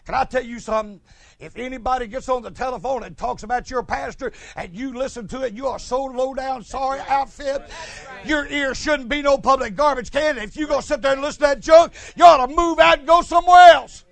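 High gravelly preacher. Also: male voice, fairly quick. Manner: folksy, storytelling, calls for responses. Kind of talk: sermon.

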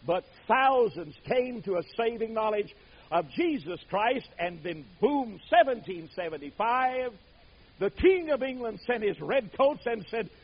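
An older man preaching a sermon, telling stories dramatically, booming out some words and dropping others to a hush. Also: slightly rough, highs cut off. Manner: dramatic storytelling, swings from booming to hushed.

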